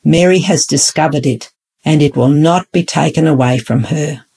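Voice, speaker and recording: A woman voicing a gentle, kind male teacher who speaks slowly and softly. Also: lowish voice. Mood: tender.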